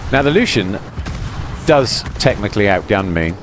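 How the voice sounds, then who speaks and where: Low-voiced man rambling over gameplay. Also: sing-song, moderate pace, over music. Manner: chatty, explanatory, many fillers. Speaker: gaming YouTuber.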